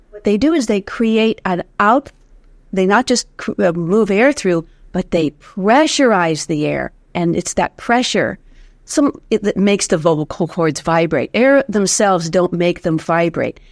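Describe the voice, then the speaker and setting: Recorded with clean studio sound and no room sound, a woman with a mid-range voice is interviewed about breath support and the vocal folds. The voice teacher demonstrates as she explains, keeps a lively manner, and counts out loud in her breath exercises.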